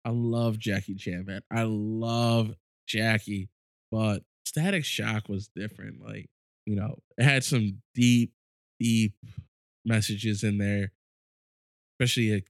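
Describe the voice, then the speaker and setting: Guy with a lowish voice chatting on a podcast, gets hyped fast, dry close mic. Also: no room sound. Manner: animated, excited bursts with a storytelling flow. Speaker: podcast co-host. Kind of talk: casual chat.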